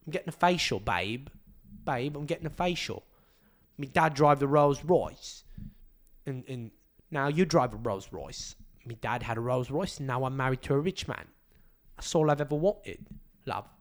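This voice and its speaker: A man's voice: mid-range voice, expressive, normal speed, lightly acted. A man putting on a fussy, bossy, spoiled celebrity wife with a mock English accent. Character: spoiled aspiring-posh British celebrity wife.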